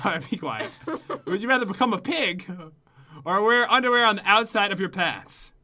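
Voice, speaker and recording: A young man in casual, playful gaming chat as co-host, goofy and quick to laugh. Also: high voice, animated, bright, forceful tone.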